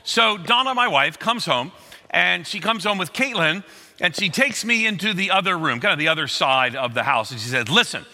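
A middle-aged man preaching in a large hall, his voice bright and cutting with a high, lively pitch. He tells stories with animated, acted-out quotes, and a long reverb trails behind each phrase. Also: normal speed. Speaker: pastor. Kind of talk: sermon.

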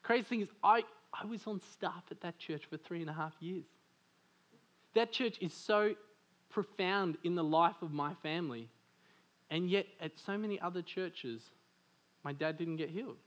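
Lively man preaching, a bit high-voiced. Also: normal speed, muffled recording. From Australia. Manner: animated, laughs often, many fillers like "like". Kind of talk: sermon with personal stories. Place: church service.

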